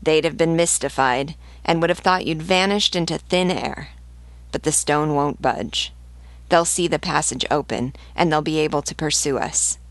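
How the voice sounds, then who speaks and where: A woman's voice: low-pitched, no room sound. A woman reading the lines of a loyal male servant who urges everyone to hurry. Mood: urgent. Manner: urgent, hurried.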